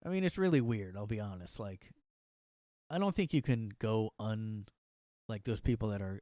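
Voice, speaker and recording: A man's voice: lowish voice, normal speed, warm tone, dry recording, clean studio sound. A man hosting a podcast alone from his room, rambling and joking with many fillers. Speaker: podcast host. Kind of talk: casual comedic monologue.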